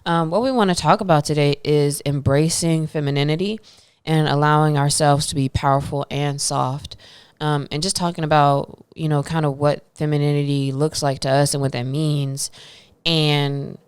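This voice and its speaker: A woman with a low voice and a smooth, resonant tone, co-hosting a casual podcast. She talks in a relaxed, slangy way and drifts through fillers. The sound is dry and close. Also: normal speed, no room sound. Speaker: podcast co-host.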